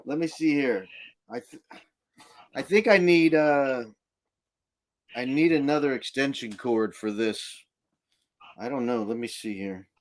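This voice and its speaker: A man's voice: mid-range voice, a little slow, pauses often. Easygoing male live-stream host. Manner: easygoing, reads viewer comments aloud. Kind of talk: casual live-stream chat.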